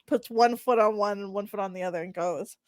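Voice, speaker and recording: A woman playing a superhero in a tabletop game, quipping playfully and laughing. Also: mid-range voice. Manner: playful, quick quips, laughs. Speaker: player. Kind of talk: casual tabletop role-play.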